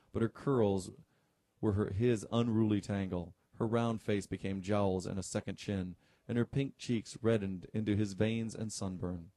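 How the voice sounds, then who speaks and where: Middle-aged guy reading a novel out loud, lowish mellow voice, dry close sound, easygoing asides. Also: no echo. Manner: relaxed, joking asides between passages. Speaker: radio host reading aloud.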